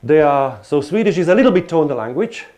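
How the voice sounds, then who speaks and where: A man's voice: fairly high pitch, very animated, quick pace, a little mellow. Hesitant male lecturer. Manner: hesitant, many restarts and fillers. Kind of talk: academic lecture.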